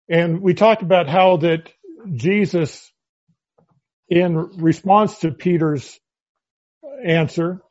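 Man, Bible study sermon, fairly high voice, measured delivery, muffled lo-fi recording. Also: darkish tone. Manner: measured, quoting scripture at length. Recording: muffled lo-fi audio.

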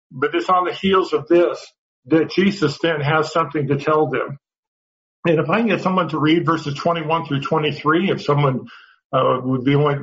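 A man teaching a Bible study class, earnest and explaining step by step, often repeating words as he goes. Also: a little high. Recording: dull lo-fi sound.

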